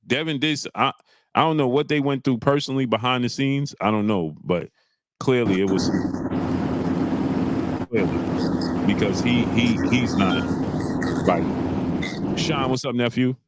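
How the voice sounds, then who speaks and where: A man hosting a casual boxing livestream, animated and exasperated, reading out viewer messages. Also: medium pitch. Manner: animated, exasperated, drawn-out "bro". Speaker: livestream host.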